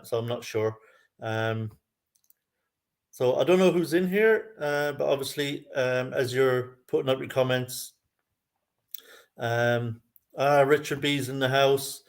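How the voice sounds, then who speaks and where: A man with an Irish accent hosting a live fan stream, chatty and jokey, laughing often as he greets viewers. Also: medium pitch. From Ireland. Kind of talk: casual fan chat.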